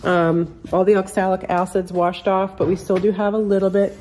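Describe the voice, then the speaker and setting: A woman's voice: mid-range voice, little pitch movement, moderate pace, a little mellow. A woman with a cold and a nasal voice, casually explaining a furniture repair step by step as she works in a workshop. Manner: chatty, explains step by step to viewers. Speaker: furniture restorer. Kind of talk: casual how-to demonstration.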